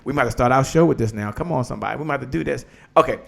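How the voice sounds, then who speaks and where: A man's voice: mid-range voice, racing, vocal fry. A man hosting a live online business show, talking with energy and leading the audience in call-and-response declarations like a preacher. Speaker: host. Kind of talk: live-stream motivational talk.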